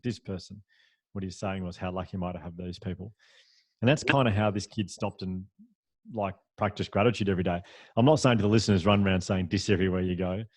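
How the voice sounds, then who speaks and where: A man, a podcast guest, telling a story in a lively, anecdotal way, with frequent restarts and fillers. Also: low voice, no echo. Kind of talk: storytelling in a conversational interview.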